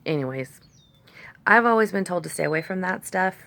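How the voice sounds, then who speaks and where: Gravelly low-voiced woman rambling. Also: lively intonation, fairly quick, fairly bright tone. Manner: chatty, rambling, talks to her dogs. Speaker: vlogger. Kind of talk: casual rambling storytelling. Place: outdoors with her dogs. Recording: faint background noise.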